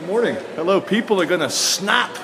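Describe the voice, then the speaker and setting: A man's voice: high-pitched, expressive, normal speed. Male street vlogger, sardonic and chatty, handheld camera outdoors. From England. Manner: chatty, sardonic, mocking asides. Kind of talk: walking city vlog. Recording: outdoor street noise with traffic.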